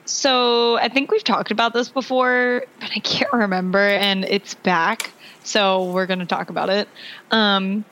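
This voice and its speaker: A woman's voice: medium pitch, fairly even intonation, measured pace, fairly bright tone. A woman co-hosting a podcast in casual chat, easygoing and hesitant, with many ums. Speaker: podcast co-host.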